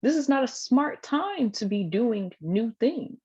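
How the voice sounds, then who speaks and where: A woman's voice: fairly high pitch, very animated, unhurried, warm tone, slightly rough. A woman giving a casual spiritual teaching talk, blunt, profane and affectionate toward her listeners. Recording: dull lo-fi sound.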